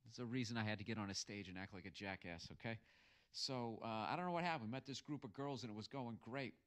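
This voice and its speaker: A man's voice: medium pitch, fast. A man telling a crude, comic bar story and giving blunt advice, swearing freely. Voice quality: loud and crude, swearing often. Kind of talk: profane comedic storytelling.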